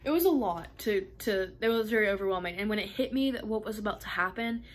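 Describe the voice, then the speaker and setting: A woman's voice: mid-range voice, quick pace. A woman in her twenties telling a personal story in a casual vlog, chatty with many fillers and laughing asides. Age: 20s. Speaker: vlogger.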